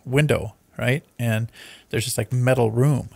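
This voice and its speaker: A man's voice: medium pitch, a little slow, gravelly, husky, dry recording. A man hosting a casual podcast, rambling and swearing as he retells movie plots. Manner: rambling, profane, animated storyteller. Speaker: podcast host.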